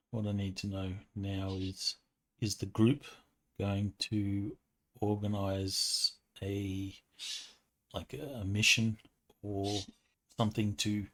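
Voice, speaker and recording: A soft-spoken man running a tabletop game as game master, pausing with fillers. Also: fairly low pitch.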